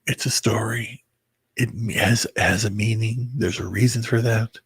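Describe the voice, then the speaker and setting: Worn-out guy rambling to his viewers, gravelly husky voice, keeps tripping over his words, dry close mic. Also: on the low side, steady tone, fairly bright tone, no room sound. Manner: halting, repeats and restarts words. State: very tired. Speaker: vlogger. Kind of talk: rambling personal monologue to camera.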